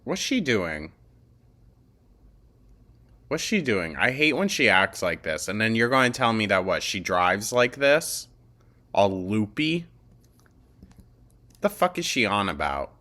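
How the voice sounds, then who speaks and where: Male reaction host, slow drawl, blunt and sarcastic. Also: on the low side, big pitch swings, sharp tone. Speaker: commentary host. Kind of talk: reaction commentary.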